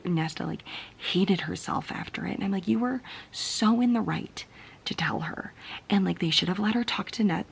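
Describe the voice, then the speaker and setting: A young woman with a deep, slightly rough voice and vocal fry vlogs casually about a book she's reading. Tired and frustrated, she vents in a late-night rant that is often whispered.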